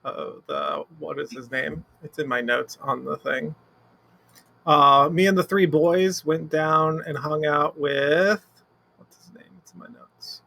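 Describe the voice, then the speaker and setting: A man playing in a tabletop game, recapping slowly and haltingly while he searches for words. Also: a little high, steady tone, vocal fry, pushed and bright. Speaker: player.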